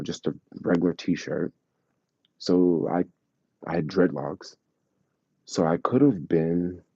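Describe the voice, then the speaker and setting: A man casually telling his travel stories to a live chat, slangy and animated, acting out the people he quotes. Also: deep voice, slightly rough, no echo, muffled recording. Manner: animated, acts out quoted voices, laughs, slangy.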